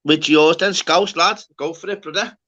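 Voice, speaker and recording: Male streamer, brash and sweary, bright forceful tone. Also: on the high side, normal speed, lo-fi sound. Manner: brash, swearing, says "lad" constantly. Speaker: livestream host. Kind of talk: casual chat.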